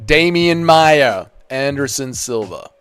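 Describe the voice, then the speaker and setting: A man's voice: mid-range voice, lively intonation, slow, fairly bright tone, clear, resonant tone, faint music behind. A man hosting a live MMA reaction stream, chatting loosely with viewers and swearing freely.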